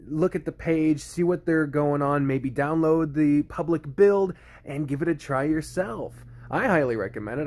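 A man with a medium-pitched voice plays through a visual novel, reading the narration aloud in a relaxed way. Between passages he reacts loudly.

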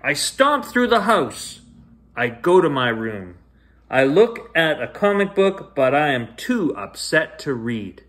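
A man reading a children's bedtime story aloud in a gentle, expressive way, with sing-song rises and hushed drops. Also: on the high side, slow pace.

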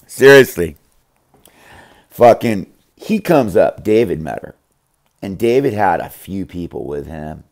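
Brief: gravelly low male storyteller, slow, swooping delivery, profane and rambling. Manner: profane, rambling, animated, acts out others' voices. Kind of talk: casual storytelling monologue.

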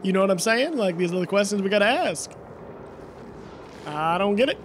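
High-voiced man musing through a game. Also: lively intonation, normal speed, slight background noise. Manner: rambling, puzzled, asks himself questions aloud. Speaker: streamer. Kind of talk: live gameplay commentary.

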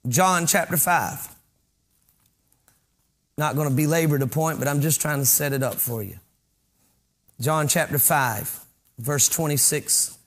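Male pastor, sermon, high voice, bright and forceful tone, reads scripture then breaks it down, climbs to shouting. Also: measured pace, long pauses. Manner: fervent preaching, rising to shouts on key points; reads scripture aloud and stops to explain it.

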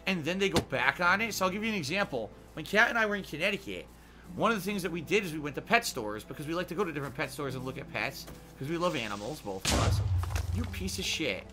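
A man's voice: on the high side, lively intonation, quick pace, noisy background. A man chatting casually while streaming a game, swearing often and ranting in heated, emphatic bursts. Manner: profane, ranting. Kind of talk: casual gameplay chat.

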